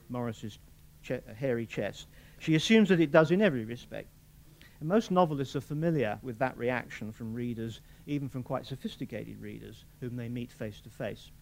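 An older novelist who reads from his own work and then discusses it in a measured, dry, articulate way. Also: medium pitch, vocal fry. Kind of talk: reading aloud and lecturing.

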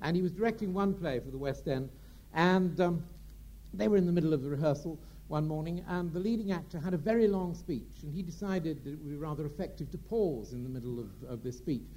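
A man telling theatrical anecdotes in a chatty, halting way, full of fillers. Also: on the high side, dark tone. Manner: chatty, hesitant with many fillers. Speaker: raconteur.

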